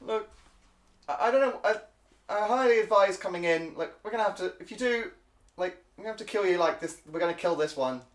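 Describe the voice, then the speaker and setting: A man voicing a nervous small kobold guard who barks warnings in a high, squeaky put-on voice, heard in an echoey room. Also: lively intonation, a little fast.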